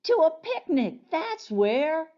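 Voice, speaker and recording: A woman voicing a bossy, cheerful old countrywoman who scolds in a brisk, folksy way, in a storybook reading. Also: high voice, big pitch swings, dark tone, dull audio, voice pushed up, exaggerated voice.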